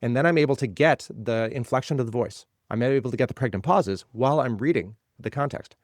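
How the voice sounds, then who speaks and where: Man, interview guest, explanatory, repeats phrases to build points, middle pitch, dry close sound. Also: brisk, dry recording. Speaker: interview guest, legal tech expert. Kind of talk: conversational interview.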